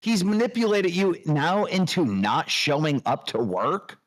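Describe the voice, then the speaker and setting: Man, animated swooping pitch, slightly high voice, swearing, scolding, livestream rant. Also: unhurried. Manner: loud, scolding, mocking, swears constantly. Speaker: show host.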